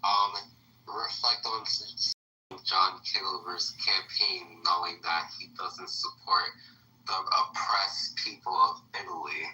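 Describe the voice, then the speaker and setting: A man's voice: low-pitched, flat delivery, slow, bright, forceful tone, reverberant, distant mic, slight background noise, full character voice. A man mimicking a droning dull guy.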